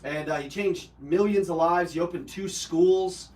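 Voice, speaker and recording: A man with a high, darkish voice speaks a little slowly while hosting a live personal development call. He tells an emotional personal story bluntly, with swearing and fillers, and the recording sounds roomy and distant.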